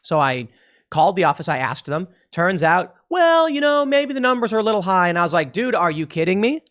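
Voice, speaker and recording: Emphatic man with a higher voice. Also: big pitch swings, a little fast, a bit bright. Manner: emphatic, repeats phrases, frequent restarts. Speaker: podcast host. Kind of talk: political commentary monologue.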